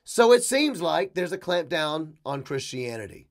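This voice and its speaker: A middle-aged man hosting a podcast, delivering an opinionated monologue with emphatic bursts, quick asides and mocking quoted voices. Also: on the high side, big pitch swings. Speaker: podcast host.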